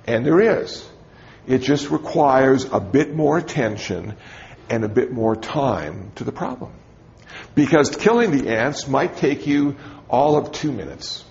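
A man's voice: mid-range voice, creaky, a little mellow, dull audio. A man, a Buddhist teacher, giving a dharma talk to a group in a conversational, humorous storytelling manner.

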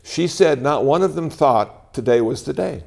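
A man's voice: fairly high pitch, moderate pace, vocal fry. A man in his sixties gives a conversational talk to a live audience, telling stories with wry humor. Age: 60s. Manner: animated storytelling with wry humor. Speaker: speaker giving a talk. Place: talk venue before an audience.

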